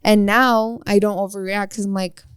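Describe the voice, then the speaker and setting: A woman's voice: mid-range voice, little pitch movement, normal speed, smooth, dry recording, studio quality. A woman co-hosting a podcast, telling stories about parenting in casual chat and mixing in Spanish lines. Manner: storytelling, mixes in Spanish lines. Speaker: podcast co-host; mother.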